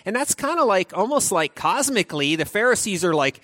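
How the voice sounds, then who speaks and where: A man giving a conversational sermon as pastor, talking in an animated, chatty way with frequent restarts. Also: sits high, a little fast, few pauses, dry recording.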